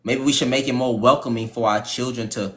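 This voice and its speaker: A man's voice: medium pitch, fairly even intonation, a little fast, fairly bright tone. A man hosting a live panel stream, ranting profanely with restarts, stutters and laughter. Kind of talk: casual live-stream talk.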